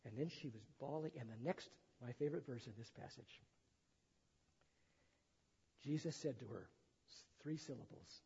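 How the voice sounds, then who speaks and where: Husky pastor in an echoing church. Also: male voice, medium pitch, moderate pace, pauses often, warm tone. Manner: retells scripture in plain words with asides. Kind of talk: sermon with gospel reading. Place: church sanctuary. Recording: dull sound in a long-echo hall.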